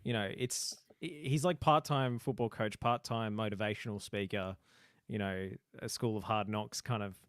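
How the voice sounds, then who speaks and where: Male co-host, analytical and measured, dry recording. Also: lowish voice, fairly even intonation, clear, resonant tone, no echo. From Australia. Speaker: podcast co-host. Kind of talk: casual chat.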